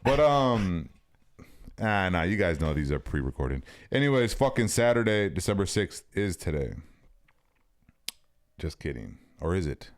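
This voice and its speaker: A man in his thirties with a very low voice co-hosts a casual podcast. He tells family stories with energy, swears freely, and slips into voices for the people in them. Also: a little slow, pauses often. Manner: animated storyteller, swears, acts out family voices. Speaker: podcast co-host. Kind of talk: casual chat.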